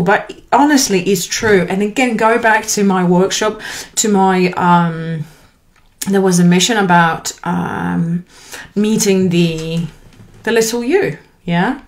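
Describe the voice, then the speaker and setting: A woman in her thirties speaks straight to camera as a life coach, delivering an earnest, encouraging motivational talk. Her pitch swings about in a lively way.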